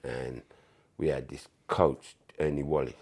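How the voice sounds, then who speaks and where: A former footballer recounting his playing days in a casual interview, animated and full of swearing, often acting out what others said. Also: rumbling low, a little slow, creaky, slightly rough. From England. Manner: animated, swearing, acts out quoted voices. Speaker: former footballer, podcast guest.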